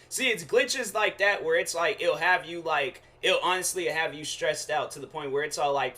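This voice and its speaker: A young man hosting his own show, telling a casual slangy rant with lively quoted asides. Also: a little high, normal speed, few pauses. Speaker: show host.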